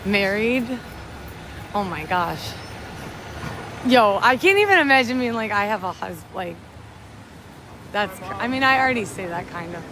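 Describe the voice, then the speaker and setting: A young woman from upstate New York talks on a phone livestream while walking through a rainy city at night. She rambles and chats, and she reads out and thanks her viewers. The street noise is clear behind her voice. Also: mid-range voice, expressive, measured pace, long pauses. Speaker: livestream host. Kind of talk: casual livestream chat.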